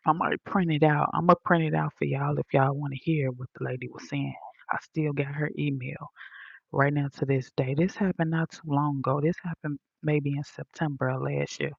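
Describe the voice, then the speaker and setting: A woman's voice: low voice, normal speed, vocal fry, husky, no echo, dull audio. A woman telling her own story in a casual vlog, blunt and profane, acting out what others said. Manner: animated, profane, blunt retelling with quoted voices.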